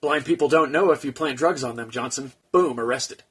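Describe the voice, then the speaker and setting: A man voicing a callous veteran police sergeant in a comedy skit, blunt and deadpan. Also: medium pitch, brisk, slightly rough. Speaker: skit character.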